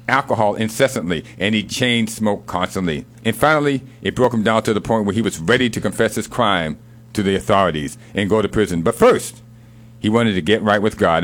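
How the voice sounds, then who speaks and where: A man co-hosting a casual show, telling a joke and reading sports history in an unhurried storytelling manner. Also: on the low side, fairly bright tone.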